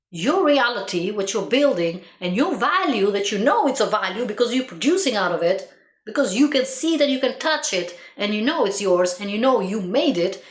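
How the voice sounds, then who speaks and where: Woman talking earnest life stuff, repeats things for emphasis, kinda roomy echo. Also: fairly high pitch. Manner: earnest, laughs at own stories, repeats for emphasis. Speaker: motivational speaker. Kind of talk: reflective monologue.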